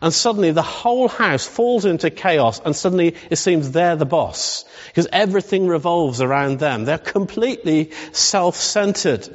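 A man with a somewhat high voice delivers a humorous, conversational sermon and keeps asking the congregation questions. His voice carries a long hall reverb, and the sound is a little dull. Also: expressive, normal speed, few pauses. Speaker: pastor.

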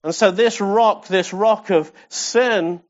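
A man's voice: high voice, takes it slowly, lo-fi sound. A man preaching a sermon with passion, repeating phrases and asking the congregation questions. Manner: impassioned, rhetorical questions and repetition.

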